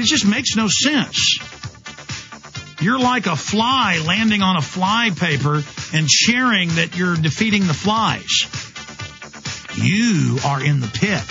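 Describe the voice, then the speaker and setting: A man's voice: high voice, bright, forceful tone, highs cut off. A man hosting a talk radio show, delivering an impassioned, ranting monologue straight to his listeners.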